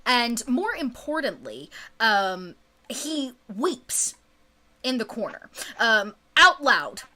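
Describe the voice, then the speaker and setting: A woman's voice: on the high side, big pitch swings, slow pace, pushed and bright. A woman narrating as game master in a tabletop game, chatty and filler-laden. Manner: chatty, full of fillers and laughs.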